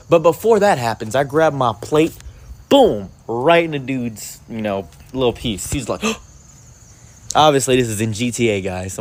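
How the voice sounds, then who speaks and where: Casting: young guy, casual rambling storyteller, lively, mid pitch. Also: slight background noise. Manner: animated, rambling, filler-heavy.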